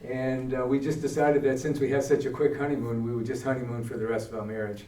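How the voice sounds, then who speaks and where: An older Brooklyn man with a New York accent and a medium-pitched voice tells stories as a guest speaker in a church hall, talking fast. He's animated and acts out the voices of the people in his stories. It's recorded from a distance in an echoey room with a noisy background.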